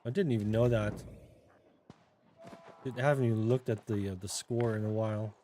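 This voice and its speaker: A man streaming a game, giving profane, trash-talking, excitable commentary on the match. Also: on the low side, normal speed, slight background noise. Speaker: gaming streamer. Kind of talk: live gameplay commentary.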